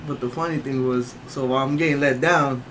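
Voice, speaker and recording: A man's voice: medium pitch, fairly even intonation, a little fast, background noise. A young man casually telling friends a rambling story, laughing as he goes. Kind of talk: casual chat.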